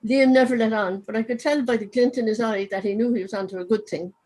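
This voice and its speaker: A woman's voice: a little high, fairly even intonation, fast, darkish tone, close to an everyday voice, poor audio. A woman with a Cork accent reading aloud from her novel as a dead man who narrates wryly from his urn, over a video call. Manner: wry, chatty storytelling.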